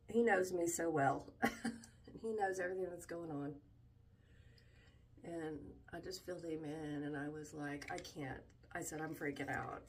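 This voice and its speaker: A middle-aged woman vlogging candidly about her struggles, halting and emotional, with many restarts. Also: lowish voice, far from the mic, a little hiss or hum. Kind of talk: candid personal vlog talk.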